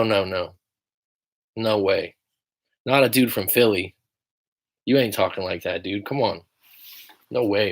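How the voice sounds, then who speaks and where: A man coaching viewers on a livestream, blunt and emphatic, swearing often as he reads and answers their comments. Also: fairly low pitch. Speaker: relationship coach.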